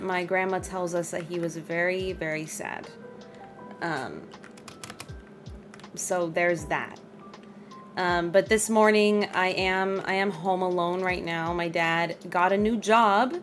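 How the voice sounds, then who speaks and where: Chatty woman streamer at home. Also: lowish voice. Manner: chatty, laughs often, talks to her dog and chat. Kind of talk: casual chat while streaming a game.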